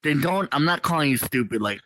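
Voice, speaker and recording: A man's voice: a little high, lively intonation, a little fast, a bit bright. A young man co-hosting a casual podcast, teasing and asking questions. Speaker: podcast co-host. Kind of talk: casual chat.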